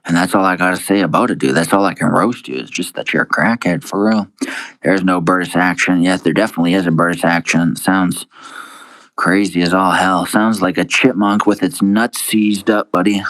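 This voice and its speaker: On a laid-back livestream, a young guy reads out chat comments and fires back with vulgar, swear-filled banter, addressing everyone as "dude." His voice is low with a fairly bright tone, and the recording is dry and rough.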